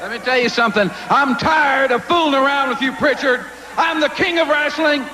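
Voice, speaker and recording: A man's voice: very high voice, normal speed. A man cutting a boastful, challenging wrestling promo. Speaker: pro wrestler. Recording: echoey hall.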